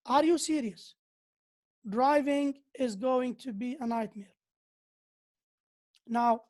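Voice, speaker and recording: A woman gives an English grammar lecture in a high voice. She talks slowly and deliberately, repeating key phrases and pausing now and then to find her words. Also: dark tone. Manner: slow, repeats key phrases, occasional hesitations.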